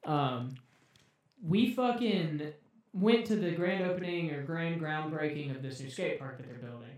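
A man's voice: fairly high pitch, measured pace, recorded from a distance. A young man co-hosting a podcast, casually telling stories and mimicking other people's voices, with frequent swearing. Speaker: podcast co-host. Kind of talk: casual chat. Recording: echoey room, voice off-mic.

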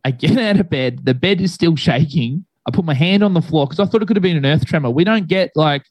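A young man tells a story in a loose, rambling way, full of fillers and asides. His voice sits a little higher than most men's. The sound is close and dry, with no room around it. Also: animated, fast, a little mellow, no room sound. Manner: rambling, laid-back storytelling with many fillers. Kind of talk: casual chat.

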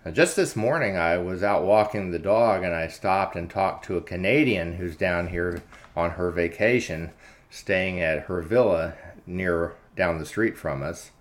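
Deep-voiced guy rambling through a story, lots of ums and i-saids. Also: a little slow. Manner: chatty, frequent filler words, retells dialogue with "I said". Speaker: commentary channel host. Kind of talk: unscripted monologue telling an anecdote.

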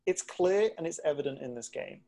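Gravelly, husky man, emphatic and indignant. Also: fairly high pitch, very animated, brisk, mellow. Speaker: podcast co-host. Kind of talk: casual chat.

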